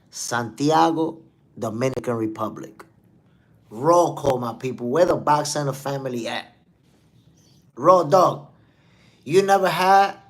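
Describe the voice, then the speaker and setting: A man hosting a casual live-stream chat, slangy and laid-back, reading viewer comments aloud. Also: fairly high pitch. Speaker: host.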